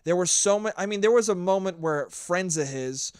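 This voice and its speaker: A man's voice: sits high, brisk, darkish tone, smooth, no room sound, studio quality. A young man hosting a solo podcast, telling stories in a blunt, profane rant. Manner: blunt, profane, ranting storyteller. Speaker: podcast host.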